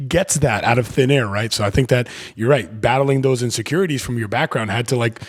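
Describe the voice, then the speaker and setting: Male podcast co-host, mid-pitch, loose and chatty, swears casually. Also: fairly quick, slightly rough. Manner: chatty, swears, lots of fillers.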